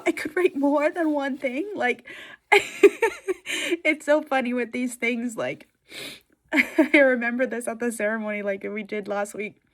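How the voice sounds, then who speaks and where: A woman's voice: fairly high pitch, a bit bright. A woman vlogger chatting casually to camera, giggly and emotional, tearful at times, with lots of fillers.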